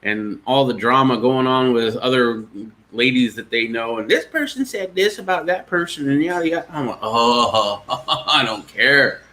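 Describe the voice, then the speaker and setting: A man's voice: mid-range voice, animated, moderate pace, hardly any pauses, fairly bright tone. Joking man in easygoing banter. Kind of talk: casual chat.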